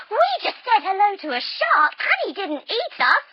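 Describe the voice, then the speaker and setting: Animated, high-pitched woman telling a kids' yoga story. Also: moderate pace, few pauses, no echo, highs cut off. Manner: animated, playful, exaggerated storytelling with sound effects. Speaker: kids yoga teacher. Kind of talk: storytelling yoga lesson for children.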